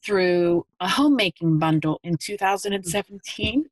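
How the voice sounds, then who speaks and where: A woman in her fifties from Pennsylvania calls in over video, tearfully sharing her emotional personal story in an earnest, halting way. Her medium-pitched voice is animated, and the low-quality recording has no echo.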